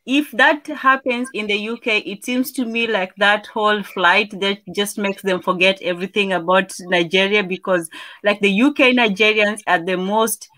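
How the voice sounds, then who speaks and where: A woman speaks bluntly in a relaxed panel chat, voicing opinions and poking fun. Her voice is bright and forceful at a middle pitch, and the recording is dry and close. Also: no echo. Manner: frank and opinionated, quick to mock.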